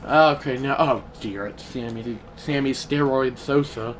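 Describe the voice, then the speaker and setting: A man streaming a baseball video game live, talking to his chat between pitches and breaking into mock play-by-play calls. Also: a little slow, slight background noise. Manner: mock play-by-play announcing, excitable; chatty asides to viewers.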